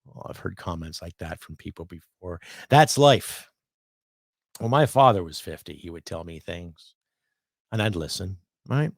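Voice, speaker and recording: A man's voice: low voice, creaky, dry recording, clean studio sound. Blunt, profane man in his fifties. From Canada. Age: 50s. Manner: blunt, profane, sarcastic ranting. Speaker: podcast host. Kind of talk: ranting solo podcast.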